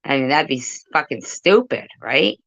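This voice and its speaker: A woman's voice: low voice, big pitch swings, normal speed, gravelly, fairly bright tone, dry recording, muffled recording. A woman ranting profanely and confrontationally on a phone livestream, rambling and chatting with her viewers. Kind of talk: livestream rant.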